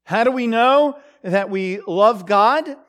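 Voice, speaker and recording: A man giving a conversational Bible teaching, halting with many fillers and restarts and asking his listeners questions. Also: high voice, a bit bright. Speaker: preacher.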